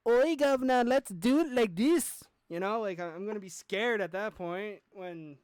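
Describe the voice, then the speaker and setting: High-pitched and clean in tone, a male podcast host rambles through a casual chat, cracking jokes and using lots of fillers.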